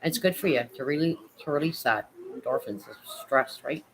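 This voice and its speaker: A woman's voice: a bass voice, brisk, noisy background. Chatty middle-aged woman hosting a livestream. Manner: chatty, reassuring, repeats phrases and adds tag questions. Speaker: livestream host. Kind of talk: casual livestream chat, reading out viewers' comments.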